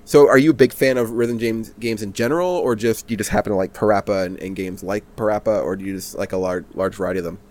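A man's voice: lowish voice, fast talker, few pauses, a little mellow. Enthusiastic, rambling man hosting. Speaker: podcast host. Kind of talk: casual chat.

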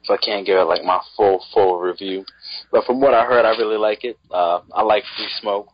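A man's voice: lowish voice, fairly even intonation, brisk. A man co-hosting a podcast, giving a hesitant casual album review full of ums. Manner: hesitant, lots of ums, lists tracks. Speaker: podcast co-host. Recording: dry, dull lo-fi audio.

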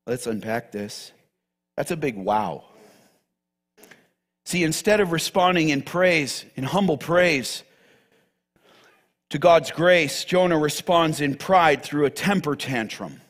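A man preaching a sermon as pastor, teaching from the Bible with emphatic, animated delivery. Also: fairly high pitch, takes it slowly, long pauses.

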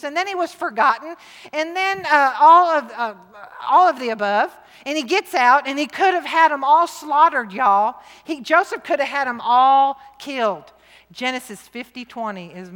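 A middle-aged woman, preaching to a women's rally with lively, emphatic, jokey swings between loud and hushed. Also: high voice. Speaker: women's conference speaker. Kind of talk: sermon. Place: large church hall. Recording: long hall reverb.

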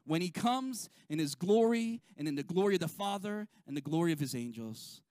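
A man preaching a sermon as pastor, talking emphatically and repeating key phrases, with sharp swings in loudness. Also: high voice, lively intonation, fairly quick, clean tone, no room sound.

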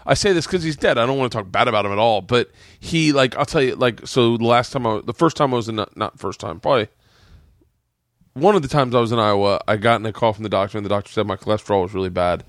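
A man's voice: lowish voice, quick pace, fairly bright tone, dry recording, clean studio sound. A man hosting a casual podcast chat, telling rambling stories, swearing freely and often restarting his sentences. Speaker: podcast host and comedian. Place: home podcast room.

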